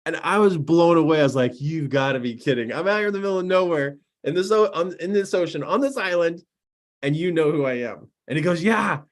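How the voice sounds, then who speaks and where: A middle-aged man, a personal development coach, telling stories and giving a motivational talk in an excitable, animated way. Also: a little high, brisk. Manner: animated and excitable, laughs at his own stories. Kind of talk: storytelling to camera, motivational talk.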